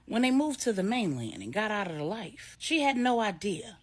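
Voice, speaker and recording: A woman's voice: medium pitch, sing-song, moderate pace. A woman voicing a matter-of-fact woman explaining family history, in a storybook reading.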